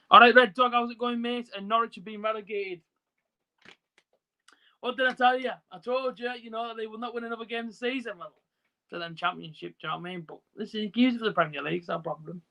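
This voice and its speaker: A man hosting a casual football watch-along stream, talking into his phone and reading out viewers' comments. His voice sits high and sounds bright and forceful, and his talk is loose and chatty, full of fillers. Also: low-quality recording. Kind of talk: casual live stream chat.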